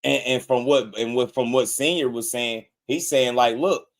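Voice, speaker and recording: A man's voice: mid-range voice, moderate pace. Blunt, laughing boxing commentary man. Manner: blunt, laughing often, slangy and repetitive. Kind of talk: casual boxing commentary stream.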